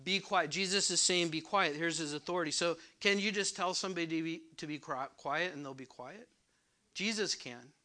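A man's voice: on the high side, a little fast, sharp tone. A man preaching a sermon, asking the congregation questions and repeating words for emphasis. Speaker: pastor.

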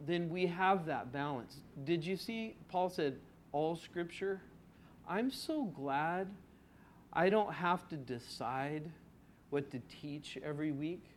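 A man's voice: on the high side, expressive, takes it slowly, slight background noise. A man preaching an expository sermon in a conversational way, asking his congregation rhetorical questions and stretching out key words for emphasis. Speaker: pastor.

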